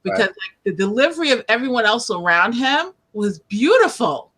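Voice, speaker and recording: A woman with a New York accent hosts a casual interview over a video call from her book-lined room at home. Her voice is bright and forward, and she talks in a chatty, animated way, full of restarts and fillers. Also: on the high side, normal speed. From United States, Northeast.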